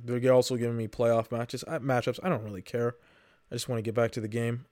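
A man's voice: medium pitch, level tone, brisk, a little mellow. A man giving rambling, exasperated commentary while he watches a football game for his podcast, swearing now and then. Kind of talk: live watch-along commentary.

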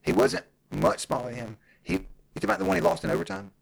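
Gravelly, lively-voiced man telling stories. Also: a little high, racing, poor audio. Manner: profane, animated storyteller. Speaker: jiu-jitsu coach. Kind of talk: casual podcast chat.

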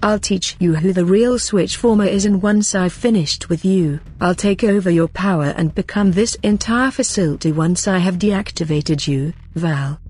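Woman doing a determined male robot fighter, low husky read, homemade story. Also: normal speed, hardly any pauses, a little mellow. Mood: defiant. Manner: challenging, determined. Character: defiant armored male robot warrior.

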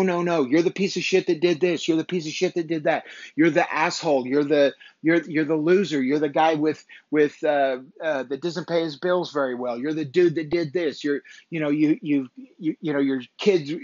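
A man's voice: fairly high pitch, fairly even intonation, normal speed, few pauses, darkish tone, dry recording, natural voice. A man voicing a taunting spiritual enemy who hurls repeated insults, on a dull, dry recording. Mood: sneering. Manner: sneering, insulting, repetitive. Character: taunting male spiritual enemy, sneering tormentor.

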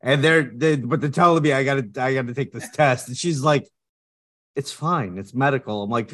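A man's voice: medium pitch, normal speed, fairly bright tone. A man co-hosting a podcast in casual chat, cracking jokes and laughing along. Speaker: podcast co-host.

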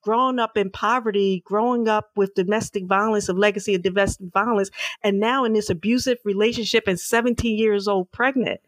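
A middle-aged woman, an author, earnestly recounting her family's past as an interview guest, slow and emphatic with repeated words. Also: mid-range voice, fairly even intonation, no room sound. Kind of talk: personal storytelling in an interview.

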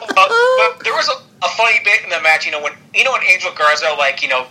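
A man talks through a casual podcast recap, his voice slightly high and very bright. He rambles, stacks fillers and breaks into frequent laughs. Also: very animated, fast, poor audio. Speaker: podcast co-host recapping wrestling. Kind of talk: casual chat.

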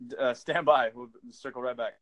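This American podcast host has a medium-pitched, fairly bright voice with fairly even intonation. He chats quickly in a laid-back, rambling way, laughing easily.

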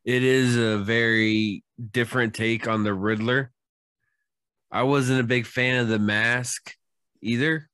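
A man co-hosting a podcast in casual chat, laid-back and measured. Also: mid-range voice, fairly even intonation, a bit bright, smooth, no room sound, clean studio sound. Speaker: podcast co-host.

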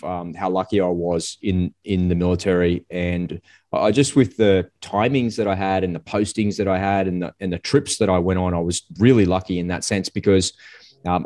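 Deep-voiced man telling army stories. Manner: lively storyteller. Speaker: army veteran. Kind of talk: casual conversation.

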